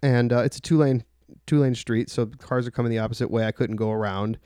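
A man's voice: medium pitch, fairly even intonation, quick pace, dark tone, clean tone, dry recording. A young man telling a personal story in a casual, rambling way, full of filler words and swearing. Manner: rambling, heavy use of "like", profane.

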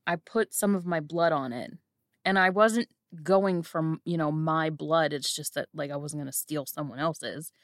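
A woman playing a tabletop game, describing her actions with halting phrasing and fillers. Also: low voice, no room sound, clean studio sound. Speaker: player. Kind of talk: casual in-character play.

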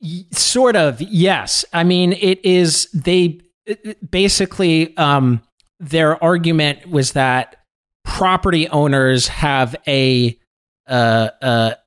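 A male guest writer explaining a legal case in a measured way, with hesitant fillers. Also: fairly high pitch, a bit bright, smooth.

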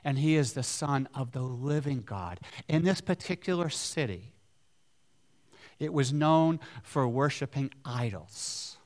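A man's voice: medium pitch, animated, measured pace, darkish tone. A man preaching a sermon, emphatic, repeating key words and putting questions to the congregation. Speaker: pastor.

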